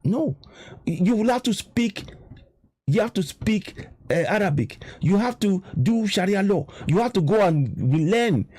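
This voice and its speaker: Nigerian man, Yoruba accent, high lively voice, dry close sound, fired-up preachy rant. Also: unhurried, no room sound. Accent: Nigerian English, Yoruba. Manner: frustrated, preaching, repeats himself for emphasis. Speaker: online commentator. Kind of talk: impassioned political monologue.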